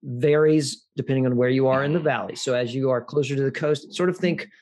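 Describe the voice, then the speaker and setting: A man's voice: medium pitch, brisk, darkish tone. A man hosting a wine tasting, explaining in a conversational way and speaking directly to listeners. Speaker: host.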